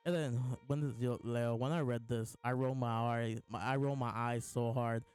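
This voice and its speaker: A man's voice: mid-range voice, fairly even intonation, moderate pace, a little mellow, clear, resonant tone. Laughing man reading comics aloud. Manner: reads lines aloud with frequent laughs and restarts. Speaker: host reading and reacting to a comic chapter. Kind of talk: casual live reaction chat.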